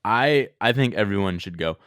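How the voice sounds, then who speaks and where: A young man co-hosting a podcast, telling travel stories in a rambling, excitable way and swearing freely. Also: fairly low pitch, normal speed, no room sound, studio quality. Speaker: podcast co-host. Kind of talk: casual storytelling chat.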